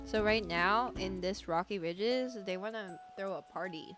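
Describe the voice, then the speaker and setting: A woman livestreams a video game and chats casually with her viewers while game music plays behind her. Her medium-pitched voice is unhurried, and she fills her talk with "like" and laughs at herself.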